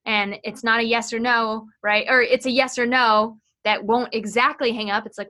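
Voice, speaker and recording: A woman sales training consultant talking as an interview guest, chatty and explanatory, with quick asides as she explains phone technique. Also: on the high side, level tone, bright, forceful tone.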